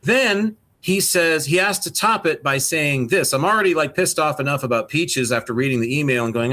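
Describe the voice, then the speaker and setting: Podcast guy ranting and cursing, kinda high-pitched voice. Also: animated, normal speed, hardly any pauses, bright, forceful tone. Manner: rambling, swears a lot, exasperated rants. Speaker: podcast co-host. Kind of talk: casual podcast chat.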